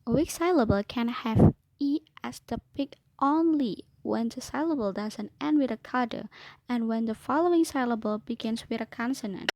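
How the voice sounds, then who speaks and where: A young woman from Indonesia, a student presenting a lesson and reading definitions aloud, carefully slowing to repeat key points. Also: fairly high pitch, a little mellow. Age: young adult. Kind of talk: read-aloud explanatory lesson.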